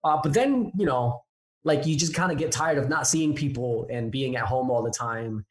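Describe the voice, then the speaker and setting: A man's voice: medium pitch, normal speed. A man from Newark, New Jersey, with a mixed American accent, chatting upbeat as a pastor guest on a podcast interview.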